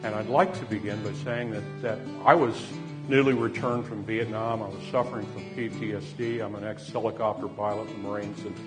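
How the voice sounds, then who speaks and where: An older man telling a personal story in an earnest, halting way, often repeating words as he goes. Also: lowish voice, steady tone, big-room sound, over music. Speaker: speaker giving a personal testimony.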